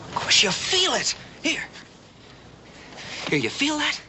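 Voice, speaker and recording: An actor playing a patient man who coaxingly teaches a deaf girl sign language, repeating single words slowly, in 1960s TV western acting. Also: mid-range voice, expressive, close to an everyday voice. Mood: overjoyed. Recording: noisy old TV soundtrack.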